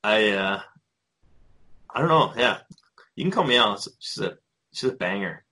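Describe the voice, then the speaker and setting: A man co-hosting a podcast in casual chat, laid-back and quick to laugh. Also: fairly low pitch, lively intonation, sharp tone, breathy edge. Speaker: podcast co-host. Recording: home room, dogs and dripping audible.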